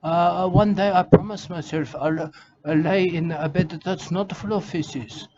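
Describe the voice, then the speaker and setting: Speaking a little slowly in a high, steady voice, a man plays a rambling oddball who calls himself a wildlife warrior, in an absurd comic monologue. The mood is rambling melancholy; he fumbles his grammar, fills gaps with "uh", and keeps adding "I can tell you" and "mate". The recording is dull and lo-fi, with plain background noise.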